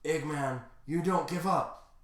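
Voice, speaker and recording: Woman playing a brave wounded hedgehog hero, earnest, breathless, slow, roomy echo. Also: low-pitched.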